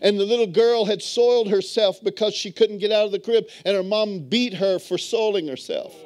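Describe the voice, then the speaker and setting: In a church sanctuary, a bishop who moved to Texas as an adult preaches a sermon in a high, slightly mellow voice at a moderate pace. He tells stories and calls on his congregation to answer back.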